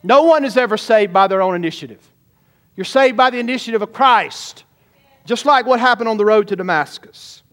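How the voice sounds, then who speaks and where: A man's voice: high-pitched, brisk, a bit bright. A man, a pastor, preaching a sermon emphatically and often calling out questions to his congregation.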